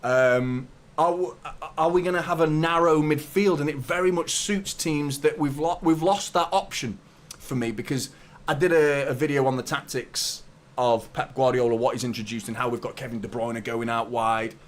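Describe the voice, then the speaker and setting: A man's voice: medium pitch, steady tone, normal speed. A man hosting a live football watchalong, chatting casually, greeting viewers by name and swearing now and then. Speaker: fan channel host.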